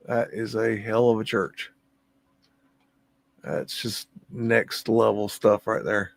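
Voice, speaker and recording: A man's voice: on the low side, slow, creaky, dry recording. A man hosting a livestream, musing aloud and easily amazed as he comments on photos, humming to himself between remarks. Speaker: livestream host.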